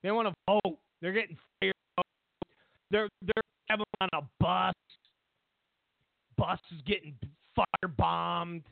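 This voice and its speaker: Sarcastic, slow-ranting male host. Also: high voice, fairly even intonation, vocal fry, dry recording. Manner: sarcastic, rambling, frequent restarts and laughter. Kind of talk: casual comedic rant. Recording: tinny phone-like line, dry.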